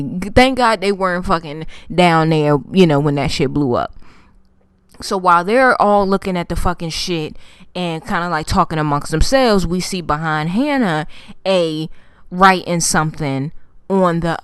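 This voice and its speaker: Female vlogger, profane animated recap; low, smooth tone. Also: dry recording, clean studio sound. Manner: animated storytelling, heavy swearing, slangy. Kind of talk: casual profane TV episode recap.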